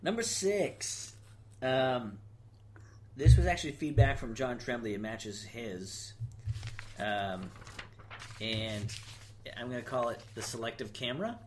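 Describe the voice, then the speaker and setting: A man's voice: medium pitch, takes it slowly, long pauses, a little mellow, a little hiss or hum. A man co-hosting a casual wrestling podcast, laid-back and often chiming in with agreement. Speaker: podcast co-host.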